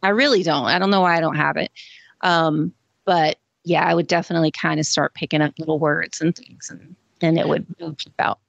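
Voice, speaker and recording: A woman's voice: low-pitched, steady tone, brisk, vocal fry, no room sound, highs cut off. Chatty, hesitant woman co-host. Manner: hesitant, chatty, many fillers. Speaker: podcast co-host. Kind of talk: casual podcast chat.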